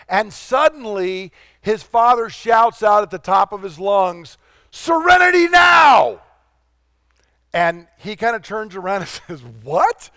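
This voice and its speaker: A male pastor preaching a sermon in a conversational way, slowing down to stress key phrases. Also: sits high, fairly bright tone, clean tone, dry recording, studio quality.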